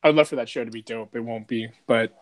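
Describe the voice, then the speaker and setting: A man of middle pitch co-hosting a loose podcast conversation. He rambles and swears freely, tossing in "dude" and "like" as he goes. His delivery is relaxed and unpolished. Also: quick pace. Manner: rambling, profane, peppered with "dude" and "like". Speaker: podcast co-host. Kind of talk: casual podcast chat.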